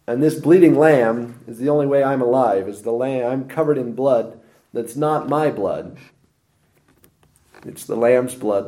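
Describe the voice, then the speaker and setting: A man preaching a sermon, explaining scripture with emphatic swings of pitch and loudness.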